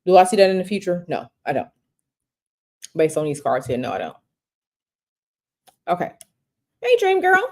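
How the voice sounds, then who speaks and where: With a deep, mellow voice, this tarot reader speaks animatedly at a moderate pace, leaving long pauses. During her live-stream reading she reads viewer questions aloud, answers them directly, and talks conversationally while repeating phrases for emphasis.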